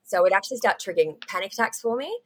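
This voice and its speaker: A young Australian woman telling a story as a guest in casual conversation, full of ums and restarts. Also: mid-range voice. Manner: animated, rapid recounting with frequent ums and restarts.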